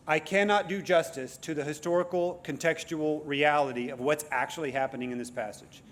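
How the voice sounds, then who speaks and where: A man preaching a sermon to a congregation in a conversational, self-deprecating way, with frequent restarts and fillers. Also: on the high side. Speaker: guest preacher.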